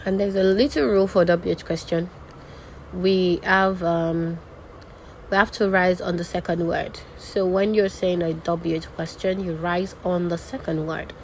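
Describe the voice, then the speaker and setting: A woman's voice: on the low side, steady tone, measured pace, a little mellow, a little hiss or hum, rough recording. A woman teaching intonation in an online lesson, demonstrating example sentences with exaggerated rising and falling tones. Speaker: diction teacher. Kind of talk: webinar lesson.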